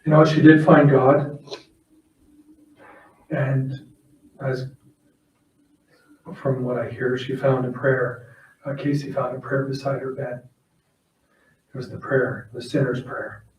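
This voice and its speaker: A man's voice: medium pitch, steady tone, slow, long pauses, a little mellow, a little hiss or hum. A man giving a heartfelt eulogy at a funeral service, telling plain personal stories and leading a prayer. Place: funeral home chapel. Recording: echoey room from far off.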